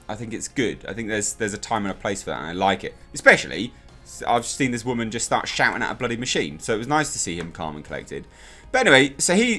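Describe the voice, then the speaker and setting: A young man rants through a casual review, his pitch swinging widely as he complains. His voice sits at an ordinary middle pitch, and faint music plays behind him. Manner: exasperated, ranting, animated. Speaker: TV episode reviewer.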